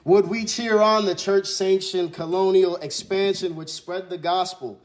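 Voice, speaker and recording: A man's voice: sits high, steady tone, measured pace. A man preaching a sermon in a church, congested from allergies, reflective and questioning, with frequent restarts. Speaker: pastor. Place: church sanctuary.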